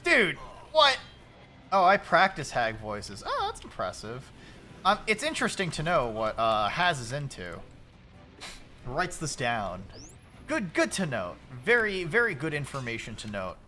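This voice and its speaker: Lively, bright-voiced young man streaming. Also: fairly high pitch, measured pace. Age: late 20s. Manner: loose, profane, yells at the game. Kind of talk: casual game-stream chat.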